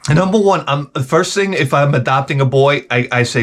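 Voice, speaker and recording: This man's voice sits a little high and moves briskly, with a slight hiss or hum in the audio. Hosting a game channel, he rambles through a profane, comic rant, repeatedly stumbling and starting over.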